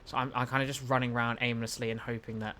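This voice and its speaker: A man's voice: mid-range voice, level tone, quick pace, bright, forceful tone, slight background noise. A young British man with a British accent streams a game live, chatting casually, stumbling over restarts and answering his chat as he plays. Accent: British English. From United Kingdom.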